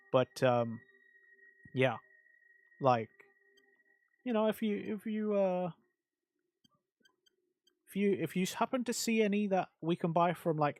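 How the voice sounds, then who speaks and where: Man, casual livestream chat, rambling with fillers, slightly high pitch, dry close mic. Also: darkish tone, no echo. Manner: chatty and rambling, answers chat with many fillers. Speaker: streamer.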